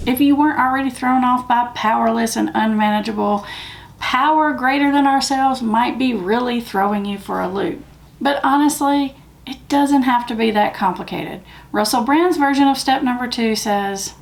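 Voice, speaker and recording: Gravelly Southern woman, plain-spoken. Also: on the high side, moderate pace. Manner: candid, plain-spoken, emphatic. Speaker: recovery channel host. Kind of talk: casual talk to camera.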